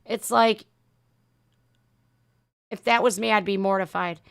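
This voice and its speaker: A woman's voice: medium pitch, steady tone, measured pace, creaky, fairly bright tone, clean tone, no echo, studio quality. A woman with a heated, profane, mocking manner, ranting as she reacts to a video. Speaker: reaction streamer.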